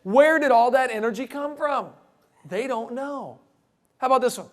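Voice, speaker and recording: A man with a strikingly high voice gives a joking lecture to a live audience. He keeps it light and animated, with playful asides. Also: normal speed. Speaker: creationist speaker.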